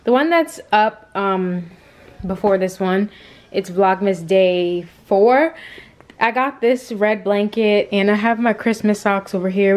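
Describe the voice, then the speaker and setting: A woman in her twenties chatting casually in a vlog from her bedroom, rambling with lots of ums and likes. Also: fairly high pitch. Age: 20s. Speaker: vlogger. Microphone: compact camera in front of her.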